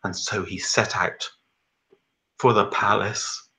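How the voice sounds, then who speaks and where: A man telling a folktale in a measured, deliberate manner. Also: fairly low pitch, steady tone, bright, forceful tone, poor audio. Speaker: storyteller. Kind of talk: oral storytelling.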